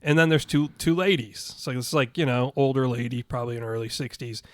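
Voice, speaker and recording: A man's voice: medium pitch, fast, dry recording. A man co-hosting a podcast, telling an anecdote in a casual, profane way and acting out what people said. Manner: profane, animated storyteller acting out quotes. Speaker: podcast co-host. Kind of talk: casual chat, storytelling.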